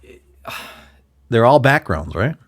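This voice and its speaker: A man's voice: mid-range voice, sing-song, slow. A male podcast host asks blunt, curious questions in a loose, casual way. He reacts in short bursts and sometimes swears as he probes his guest.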